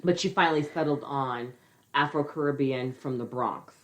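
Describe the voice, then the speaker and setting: Low-voiced blunt woman co-host. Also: moderate pace. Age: adult with a school-age child. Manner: blunt, exasperated, swears freely. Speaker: podcast co-host. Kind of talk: casual chat.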